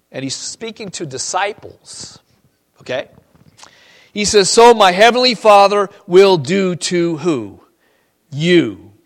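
A male pastor preaching a sermon to a congregation, reading scripture and moving between loud emphasis and quiet, personal asides. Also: high-pitched.

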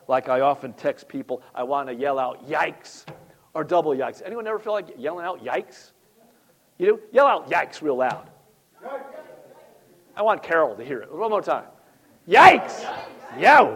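A pastor preaches a sermon in a slightly high voice at a moderate pace. He's animated and speaks straight to the congregation, his delivery rising and falling dramatically.

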